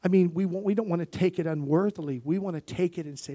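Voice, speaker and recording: Husky preacher swinging loud to hushed. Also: male voice, high-pitched, fast, hardly any pauses. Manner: swings from loud bursts to soft near-whispers, calls for amen. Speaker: pastor. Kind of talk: sermon.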